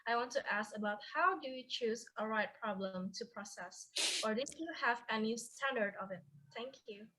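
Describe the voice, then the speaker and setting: A woman's voice: fairly high pitch, moderate pace, sharp tone, rough recording. A woman moderating a session, politely reading audience questions aloud.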